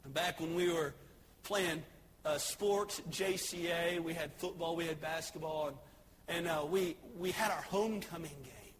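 A male preacher giving a sermon, telling stories and jokes, swinging between soft asides and shouted lines. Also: on the high side, a little slow, noisy background.

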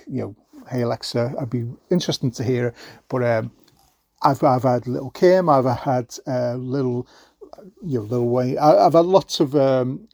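Gravelly man rambling on his podcast. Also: mid-range voice, mellow, dry recording, clean studio sound. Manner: rambling, many fillers and restarts. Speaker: podcast host. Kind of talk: solo podcast monologue.

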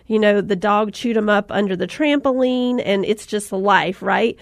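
A middle-aged woman hosting a podcast, a mother who chats casually, laughs often and pokes fun at herself while telling lively stories. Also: mid-range voice, normal speed, vocal fry, dry recording, clean studio sound. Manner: laughing, self-deprecating, animated anecdotes.

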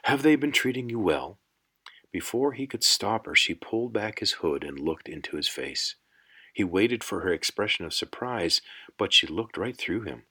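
A man narrating a fantasy audiobook in a measured, unhurried storytelling manner. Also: low voice, expressive, bright, forceful tone, breathy edge. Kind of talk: scripted narration.

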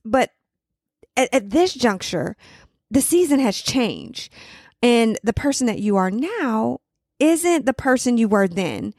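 A woman hosts a podcast in a relaxed, conversational monologue. Her voice sits at a middle pitch and keeps circling back with fillers and restarts. The sound is dry and close, with no room echo. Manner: conversational, many fillers and restarts, southern 'y'all'. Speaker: podcast host. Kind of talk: casual reflective monologue.

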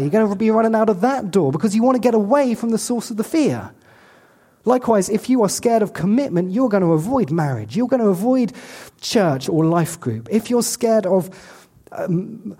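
A man's voice: high-pitched, warm tone, breathy edge. A man preaching a sermon in a church as pastor, earnest and direct, with playful asides and frequent restarts.

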